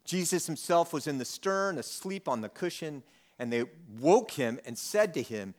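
A man's voice: a little high, expressive, moderate pace. A man teaching a Bible passage in a conversational way, reading the text and then acting out the disciples' lines with humor. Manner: conversational, acts out quotes with humor. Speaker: preacher.

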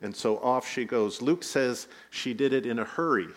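A man's voice: mid-range voice, normal speed. A man preaching a sermon, telling the story with rising emphasis and light asides. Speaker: pastor.

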